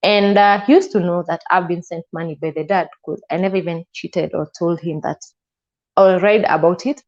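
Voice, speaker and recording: Woman guest, lower register, animated storyteller; dull, muffled audio. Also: normal speed. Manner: animated retelling with frequent "and I'm like" asides. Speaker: guest telling her story. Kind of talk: personal storytelling interview. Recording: slightly muffled, dull sound.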